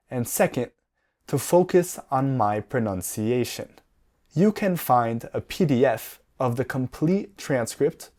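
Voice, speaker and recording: Man, English teacher, very slow deliberate delivery, careful enunciation, mid-pitched voice. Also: darkish tone. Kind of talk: slow, clearly spoken language lesson.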